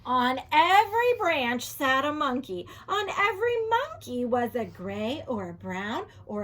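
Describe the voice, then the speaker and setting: Animated woman teacher reading a storybook aloud. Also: high voice, measured pace, few pauses. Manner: animated, asks the listening children questions, drops to a whisper. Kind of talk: children's storybook read-aloud.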